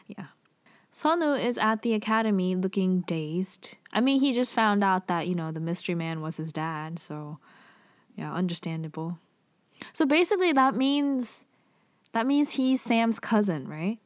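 A woman talks through a TV drama's plot in a loose, chatty way, with lots of "like" and "um" along the way. Her voice sits at an ordinary middle pitch. The recording is close and dry, with no room sound. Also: expressive, measured pace, no room sound. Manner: chatty, frequent "like" and "um" fillers, offhand asides. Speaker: drama recap vlogger. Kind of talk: casual plot recap.

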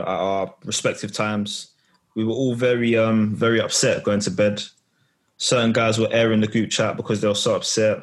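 Male podcast host, lower voice, relaxed banter with the lads. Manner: relaxed, bantering, drawn-out repeats. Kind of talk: casual football podcast chat.

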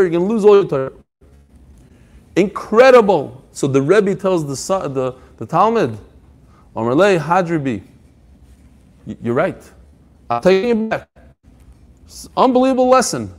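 A man giving a Talmud lesson with a high, lively voice that swings widely in pitch. He talks emphatically, reading out passages and explaining them in casual English. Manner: animated, emphatic, mixing Hebrew-Aramaic quotes with English explanation. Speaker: Talmud teacher. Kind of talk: Talmud class lecture.

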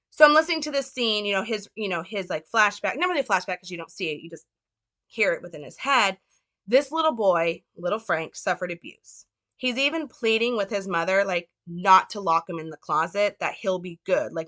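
A woman giving a casual, earnest film analysis, talking with lots of fillers and quick self-corrections. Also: medium pitch, expressive, pushed and bright. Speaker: film commentator.

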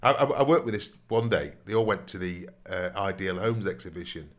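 A man's voice: sits low, lively intonation, brisk. A man telling long, rambling stories in a casual podcast chat, often adding "you know what I mean". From Nottingham, England. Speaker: podcast co-host.

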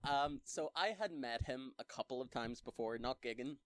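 A man's voice: mid-range voice, moderate pace, a bit bright, dry recording. A man, a guest comedian, speaking hesitantly in a casual chat, often trailing off.

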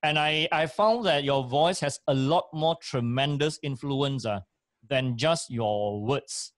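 A man's voice: mid-range voice, slow pace, dry recording, clean studio sound. A man giving emphatic, repetitive speaking advice on a talk show, with frequent fillers. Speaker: voice and speaking coach.

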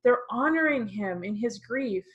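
A woman's voice: fairly high pitch, animated, unhurried, dull audio. A woman in casual conversation, telling a personal story earnestly and with animation, using plenty of fillers.

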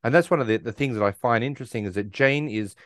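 A man's voice: mid-range voice, fast, no room sound. A man in casual conversation, retelling a film's scenes and acting out characters' lines. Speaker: film podcast co-host. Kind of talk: casual film discussion.

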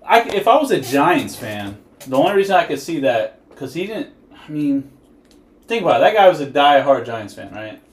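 A man co-hosts a casual sports podcast, talking loosely, swearing and laughing often. His voice is slightly high with lively pitch swings, and the room sounds echoey around him. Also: moderate pace. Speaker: podcast co-host.

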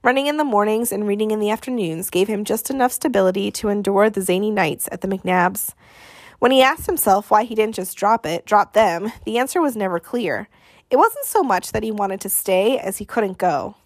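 Woman, audiobook narrator, measured and expressive, dramatic pauses, dry close sound. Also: medium pitch, no echo.

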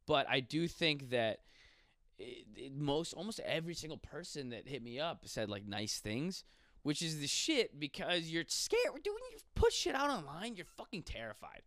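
A man's voice: a little high, sing-song, moderate pace, fairly bright tone, no room sound, studio quality. A young man hosting a podcast, rambling through a profane, comedic monologue. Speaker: podcast host.

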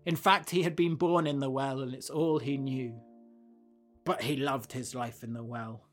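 A man hosting a podcast, telling a fable and then reflecting on it in a gentle, thoughtful way. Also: medium pitch, steady tone, normal speed, soft background music. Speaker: podcast host. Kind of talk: storytelling and reflective commentary.

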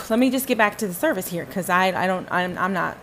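A woman's voice: fairly low pitch, expressive, a little fast, fairly bright tone, slight background noise, poor audio. A woman hosting a podcast, giving a fervent, emphatic spoken testimony and repeating phrases for stress. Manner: talks to listeners and to God in turn. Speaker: podcast host.

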